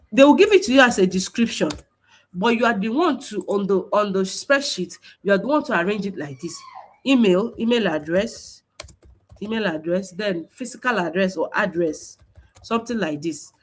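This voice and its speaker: Lady teaching online, husky voice, lots of um and restarts. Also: medium pitch. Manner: repetitive, stop-start explaining with many fillers. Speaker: online class instructor. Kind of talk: screen-share tutorial teaching. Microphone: computer mic on a video stream.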